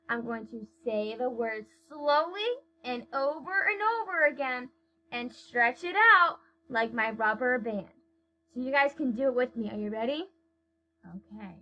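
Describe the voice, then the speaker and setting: A woman teaching young children to write, speaking slowly and clearly and stretching out words as she sounds them out. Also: high voice, highs cut off.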